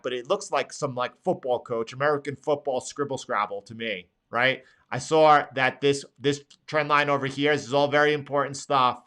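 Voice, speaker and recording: Bright-voiced man talking through charts. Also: a little high, smooth. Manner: emphatic, pleading, repeats phrases. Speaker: trading show host. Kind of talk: live market analysis.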